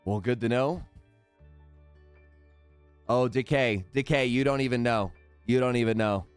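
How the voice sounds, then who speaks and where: A man's voice: mid-range voice, a little slow, clear, resonant tone, no echo, soft background music. A man hosting a live stream, calling out names in a hype sports-announcer manner.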